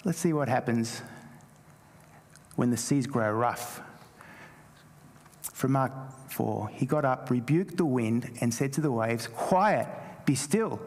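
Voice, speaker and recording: A man's voice: mid-range voice, takes it slowly, pauses often, in a large hall. A man whose first language is Greek, preaching a sermon as a pastor and lifting his voice on quoted scripture. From Greece. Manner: animated preaching, rising emphasis on quoted scripture.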